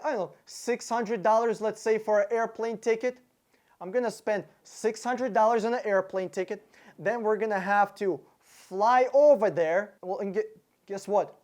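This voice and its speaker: A man's voice: sits high, darkish tone. Profane, angry man ranting to camera. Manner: angry, profane, sarcastic, thinks aloud through sums; stumbles and restarts words often. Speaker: car buying advisor and channel host. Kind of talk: casual rant to camera.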